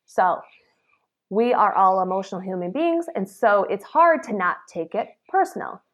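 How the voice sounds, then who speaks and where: A woman in the salon business gives an earnest motivational talk to camera, her voice sitting at an ordinary middle pitch. She speaks in a chatty, animated way, checking in with the listener through "okay?" and "right?" and acting out the lines she quotes. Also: moderate pace. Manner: animated, acts out quoted remarks. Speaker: salon professional sharing advice.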